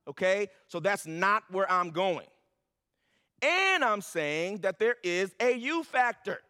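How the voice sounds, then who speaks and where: A man's voice: sits high, sharp tone, clear, resonant tone, in a large hall. A man preaching a sermon as pastor, building to emphatic, repeated lines.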